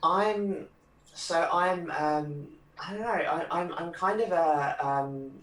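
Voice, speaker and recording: A man's voice: fairly high pitch, slow pace, fairly bright tone. A man in a casual discussion, talking in a rambling way with many fillers and plenty of enthusiasm. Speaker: panelist. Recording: roomy sound from a distant mic, faint noise.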